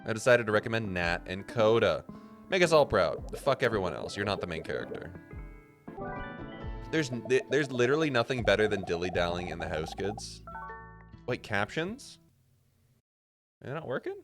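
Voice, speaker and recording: A man's voice: on the low side, very animated, moderate pace, pauses often, over music. A man from Canada streaming a puzzle game, rambling and joking with casual swearing as he plays. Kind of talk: casual gameplay commentary.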